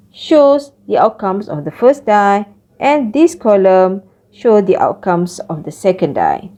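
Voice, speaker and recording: Slow, lively woman lecturer. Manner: slow, lively pitch, explains step by step. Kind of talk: recorded math lecture.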